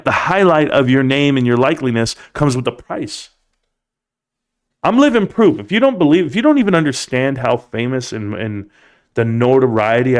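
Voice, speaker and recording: A man hosting a live stream, giving a preachy, animated pep talk and reading chat comments aloud. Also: medium pitch. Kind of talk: casual live stream monologue.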